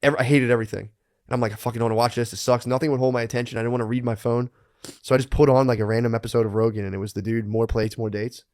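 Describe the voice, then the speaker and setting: Fast-talking, profane podcast co-host. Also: male voice, mid-range voice, fairly even intonation, a little mellow, dry recording, studio quality. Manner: rambling, profane storytelling with frequent laughs. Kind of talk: casual chat.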